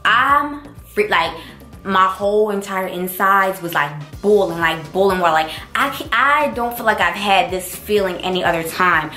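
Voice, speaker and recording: A young woman tells a story to the camera in a lively, emphatic style, jumping into the voices of the people in it. Her voice carries an echoing room sound, with faint music underneath. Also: medium pitch, moderate pace. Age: young adult. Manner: animated, emphatic, acts out dialogue. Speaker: college student telling a story. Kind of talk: casual storytime. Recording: roomy echo with faint music.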